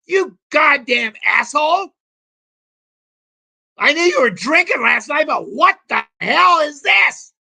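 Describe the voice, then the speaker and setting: A man's voice: very high voice, big pitch swings, slow pace, gravelly, pushed and bright, voice pushed up, heavily acted. A man voicing a furious wife who screams and swears at her husband. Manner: shrieking, swearing, scolding.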